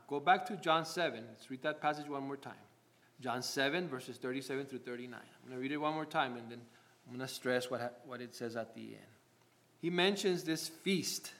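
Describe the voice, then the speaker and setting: A male pastor with a slightly raised pitch delivers a sermon, steadily asking the congregation rhetorical questions. He tags his points with a quick "right?" and slows to a careful pace whenever he reads scripture aloud. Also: fairly bright tone.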